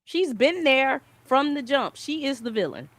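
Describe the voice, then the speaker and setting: A woman's voice: high-pitched, very animated, a little slow, a bit bright, dry recording. Young woman co-host, emphatic and opinionated, dry close mic. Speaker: podcast co-host. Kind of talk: casual chat.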